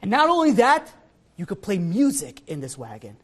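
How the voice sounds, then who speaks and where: A man, a rabbi, acting out a wagon driver from two centuries ago who speaks in a low, confiding voice. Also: huge pitch swings, moderate pace, fairly bright tone, husky, full character voice. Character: eager old-time man describing modern wonders.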